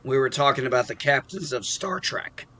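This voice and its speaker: Man, casual stream host, bright tone, rambly, swears a lot. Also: medium pitch, moderate pace. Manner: swears freely, rambling, self-deprecating. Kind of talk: casual chat.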